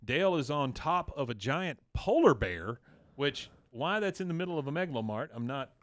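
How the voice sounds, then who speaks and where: A man with a fairly high, sing-song voice co-hosts a podcast, casually walking through a cartoon episode scene by scene at a normal pace. He fills his retelling with plenty of "uh"s and quoted lines. The recording is dry, with clean studio sound.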